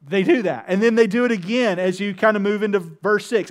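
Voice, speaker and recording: A man's voice: high voice, brisk, hardly any pauses. A man preaching a conversational sermon in church, acting out the voices of the psalm with rising emotion. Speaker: pastor. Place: church with two campuses.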